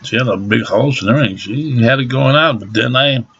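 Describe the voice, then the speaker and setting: A man's voice: medium pitch, a little fast, fairly bright tone, a little hiss or hum. A middle-aged man telling rambling, profane stories in casual chat, full of fillers and restarts. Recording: dull lo-fi home recording.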